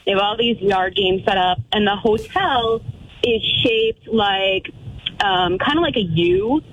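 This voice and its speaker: A woman in her thirties telling a frightening story as a caller, talking fast and acting out what people said. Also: mid-range voice, breathy edge, highs cut off. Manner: breathless retelling with quoted dialogue. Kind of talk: casual storytelling.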